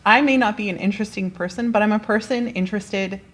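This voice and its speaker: A woman's voice: mid-range voice, fast. A woman English teacher speaking earnestly and reflectively in a casual conversation.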